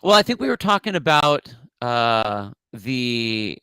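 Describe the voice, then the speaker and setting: A man's voice: mid-range voice, very animated, takes it slowly, sharp tone, smooth, dry recording. A middle-aged man co-hosting a podcast, rambling through an old memory in casual chat with frequent restarts. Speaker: podcast co-host.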